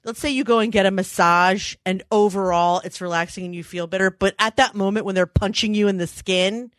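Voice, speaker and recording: A woman in her forties co-hosting a casual chat show, acting out quoted lines with big animated voices. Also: medium pitch, a little fast, dry recording, clean studio sound. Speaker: podcast co-host.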